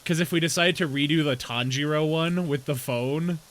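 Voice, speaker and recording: A man's voice: on the high side, normal speed, a bit bright, poor audio. Chatty rambling male streamer. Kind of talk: casual chat while gaming.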